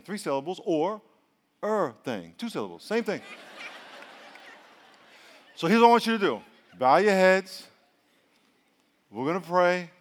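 A man preaching a sermon as pastor, telling a joking story and then leading a hushed, earnest prayer. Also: high voice.

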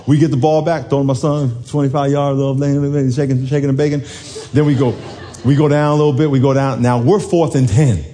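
A man in his forties, a little hoarse, telling a lively football story to a congregation, dropping low then shouting high. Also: moderate pace, a little hiss or hum. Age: 40s. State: hoarse from yelling. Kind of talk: animated storytelling sermon.

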